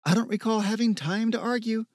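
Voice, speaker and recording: A sarcastic teenage girl in an audiobook, put on by a man, tossing off sharp-tongued retorts in a lifted, higher voice. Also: steady tone, a little fast, no echo, clean studio sound.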